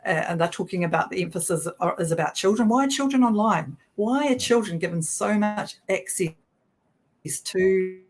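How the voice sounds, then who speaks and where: A woman's voice: fairly low pitch, normal speed, darkish tone. A woman with a New Zealand accent co-hosting a political livestream, chatty and sarcastic, often restarting her sentences. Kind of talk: casual political talk show.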